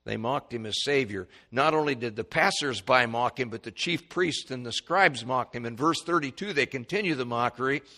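Bright-voiced male preacher teaching verse by verse. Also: normal speed, few pauses, in a large hall. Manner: rises sharply in pitch and volume when quoting mockers; reads scripture in King James wording with commentary. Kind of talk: expository sermon.

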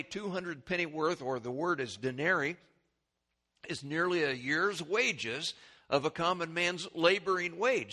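A man preaching a sermon, explaining scripture earnestly and clearing his throat often. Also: on the high side, sharp tone.

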